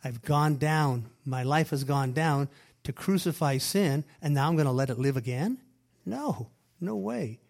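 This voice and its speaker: A man preaching a sermon, reading scripture aloud and explaining it with emphatic repeated phrases, loud stresses and quiet asides. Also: mid-range voice, normal speed. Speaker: pastor.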